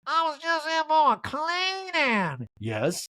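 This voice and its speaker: A woman doing a comic impression of a self-pitying reality-star diva with a slow, teary, whiny drawl. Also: high voice, huge pitch swings, sharp tone, dry recording, pitched above the performer's own voice, full character voice, poor audio.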